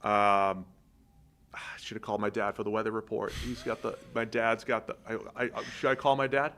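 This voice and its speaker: A man's voice: lowish voice, level tone, normal speed, a bit bright, slight background noise. A man co-hosting a sports podcast in casual, joking chat, rambling with restarts. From Massachusetts. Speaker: podcast co-host. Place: podcast studio.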